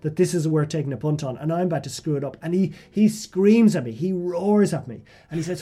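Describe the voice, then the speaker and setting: A man's voice: a little high, fast, few pauses, warm tone. An Irish man, a writer guest, telling a vivid, self-mocking story in conversation and often restarting his phrases.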